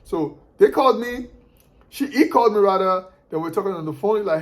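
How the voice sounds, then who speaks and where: Chatty man with a higher voice. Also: expressive, a little fast, slight background noise, rough recording. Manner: repeats and restarts words, talks straight to viewers. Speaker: car flipper sharing tips. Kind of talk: casual storytelling to camera.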